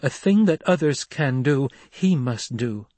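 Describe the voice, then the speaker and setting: A man's voice: mid-range voice, animated, a little slow, dark tone, no echo, voice pushed up. A man voicing a young, firm desert woman with a commanding tone, in an audiobook reading.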